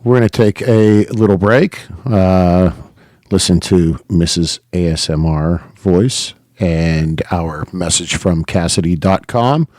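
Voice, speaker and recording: A man's voice: low voice, slow pace, darkish tone, no echo, clean studio sound. A man co-hosting a podcast in casual chat, laid-back, often stumbling and restarting, with lots of "yeah". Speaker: podcast co-host.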